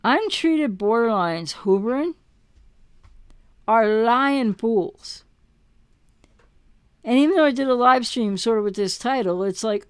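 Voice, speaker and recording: In a slow, animated delivery with long pauses, a relationship recovery coach speaks passionately to camera, posing rhetorical questions and repeating words for emphasis. Her high-leaning voice is clear and resonant, recorded at studio quality with no echo.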